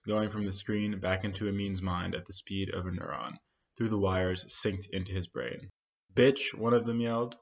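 A man narrating a short story in a steady, measured reading, on a dull lo-fi recording. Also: lowish voice, gravelly. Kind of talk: scripted fiction reading.

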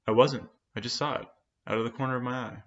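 A man reading the lines of a tender young woman who pleads softly with her lover, in a soft, earnest, often hushed manner. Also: mid-range voice, fast, close to an everyday voice. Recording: dull lo-fi sound.

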